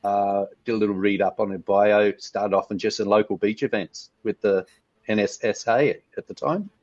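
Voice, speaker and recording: A man's voice: lowish voice, steady tone, normal speed, darkish tone, muffled recording. A man hosting a podcast in a laid-back interview chat. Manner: laid-back, short backchannels. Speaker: podcast host.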